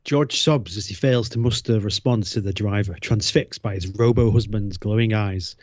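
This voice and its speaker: A man's voice: on the low side, moderate pace, darkish tone, no echo. A man reading a script on a video call, teasing his friends between lines, heard over dull audio.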